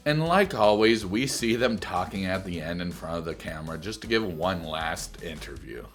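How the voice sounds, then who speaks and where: A man doing a comedic reality TV recap, sarcastic and prone to loud outbursts. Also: deep voice, animated, moderate pace, soft background music.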